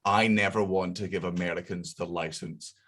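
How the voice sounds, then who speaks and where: A Scottish man with a low, deep voice talks as a comedian guest in a loose, lively conversation. He laughs readily and swears without a second thought. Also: normal speed. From Scotland. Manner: animated, laughs often, swears freely. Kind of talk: casual chat.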